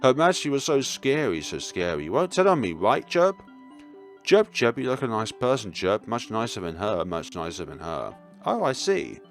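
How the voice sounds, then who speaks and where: A man voicing a small, fat, timid bird in a game, chattering and repeating itself in a high squeak. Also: big pitch swings, moderate pace, faint music behind. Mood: nervous. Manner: squeaky, repeats "chirp" and its own phrases.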